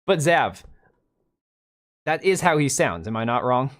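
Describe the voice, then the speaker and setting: A man in his thirties hosting a casual livestream from a home setup with a desk mic. He rambles and opinionates bluntly, restarting sentences and answering the chat, at an ordinary mid pitch. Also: very animated, unhurried, fairly bright tone. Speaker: livestream host.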